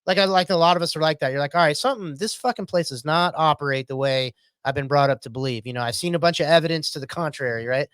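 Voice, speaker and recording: A man hosting a podcast in casual chat, excitable and rambling, full of "like" and "you know". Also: a little high, fast, few pauses, smooth, no room sound. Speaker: podcast host.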